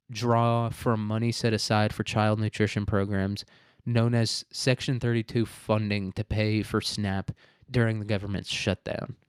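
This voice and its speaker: A man's voice: mid-range voice, dry recording, studio quality. A man hosting a casual current-events commentary show, rambling and joking with plenty of profanity. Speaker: show host. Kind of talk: casual political commentary podcast.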